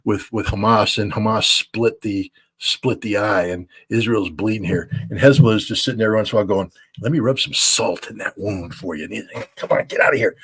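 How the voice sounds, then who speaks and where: This US military analyst speaks in a slightly rough voice on the low side. In his interview he is blunt and emphatic, going over his points again for emphasis.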